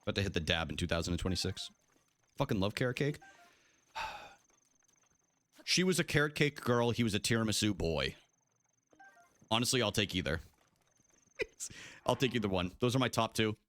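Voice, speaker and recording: A man's voice: lowish voice, normal speed, long pauses. A young adult man streaming a video game live, chatting casually with his viewers, joking and swearing as he plays. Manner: animated, jokey, swears, talks to chat.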